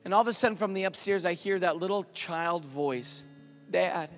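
A man in his thirties, a worship leader, telling a personal story in earnest and dropping to a hushed tone at emotional points. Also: sits high, a little fast. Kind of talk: storytelling sermon at a worship service. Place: large worship hall. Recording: live hall reverb with guitar music.

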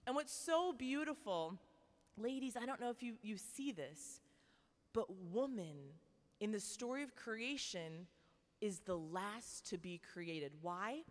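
A young woman giving a lively faith talk to women, chatty and playful with many likes and okays. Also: mid-range voice, measured pace, in a large hall. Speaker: speaker at a Christian women's event.

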